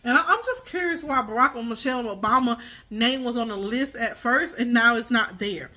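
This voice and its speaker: Bright-voiced woman rambling emphatically. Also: fairly high pitch, brisk. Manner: rambling, emphatic, many fillers and restarts. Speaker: tarot reader. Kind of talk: casual spiritual commentary.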